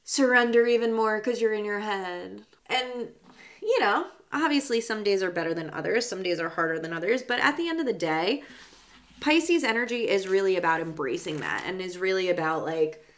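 A woman's voice: mid-range voice, expressive, normal speed. A young adult woman hosting a spiritual podcast as a psychic medium, talking in a chatty, bubbly way with lots of fillers. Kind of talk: casual chat.

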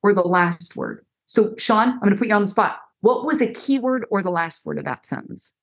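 A middle-aged woman counselor explaining listening skills in conversation, animated and acting out example dialogues. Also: medium pitch, brisk, gravelly. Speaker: counselor and guest. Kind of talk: conversational teaching.

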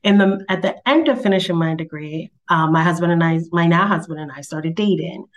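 A woman talking casually on a podcast and telling her own story in an easygoing, chatty way. Her voice sits a little low. She sounds relaxed and conversational throughout. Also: a little fast. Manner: relaxed, chatty, light laughs. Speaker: podcast host, HR professional.

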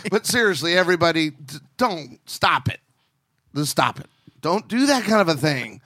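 Animated man co-hosting a chat podcast. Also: fairly high pitch, normal speed, dry recording, studio quality. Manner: animated, gets worked up, reads with mock voices. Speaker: podcast co-host reading listener questions. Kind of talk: casual chat reading aloud.

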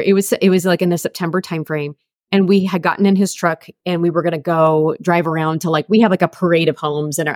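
Female guest, 40s, career coach; candid and conversational, low register, dry sound. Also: no echo. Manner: candid, chatty, many fillers. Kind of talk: conversational storytelling.

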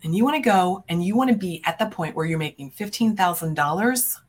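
Fairly low-pitched, expressive, and fairly quick, a woman podcast host and business coach gives emphatic, fervent motivation. Her punchy declarations swing hugely in volume, and she talks to her listeners directly, as friends.

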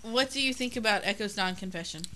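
A woman's voice: medium pitch, fast, bright, forceful tone, a little hiss or hum, rough recording. A woman co-hosting a podcast in casual chat, teasing her co-host and clarifying his points.

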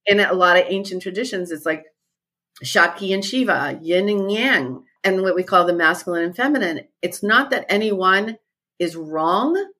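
A woman's voice: fairly low pitch, normal speed, a bit bright. A woman guest who leads retreats, talking thoughtfully in a podcast conversation and repeating her key phrases.

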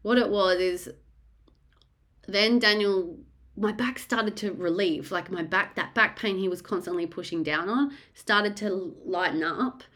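A woman candidly recounting her birth story, frank and animated, swearing freely. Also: mid-range voice, unhurried.

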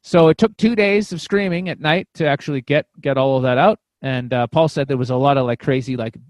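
A man, a comedian and podcast guest, telling a candid personal story in an animated way, often repeating words and restarting, with casual swearing. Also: medium pitch, a little fast, no room sound.

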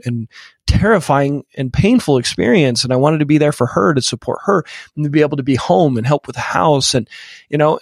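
A man's voice: a little high, no room sound, studio quality. A man in his thirties, a podcast guest telling an emotional personal story with many repeated false starts. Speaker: podcast guest, real estate investor.

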